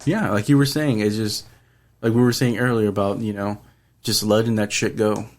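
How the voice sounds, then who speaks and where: A man's voice: on the low side, steady tone, moderate pace. A man hosting a podcast, talking earnestly and rambling in casual chat, swearing freely. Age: adult, past his twenties. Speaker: podcast host.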